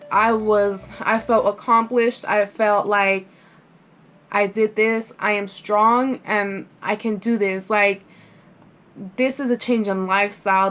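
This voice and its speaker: A woman's voice: medium pitch, a bit bright. A young woman vlogger telling her story in a rambling, candid way, filling her talk with "like" and swearing freely. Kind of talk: casual get-ready-with-me storytelling.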